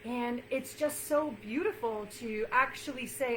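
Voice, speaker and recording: A woman's voice: fairly high pitch, a little slow, bright, forceful tone, a little hiss or hum, low-quality recording. A woman nutrition coach talking casually to her viewers in an earnest, encouraging way, repeating phrases for emphasis and using plenty of fillers. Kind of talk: casual talk to camera.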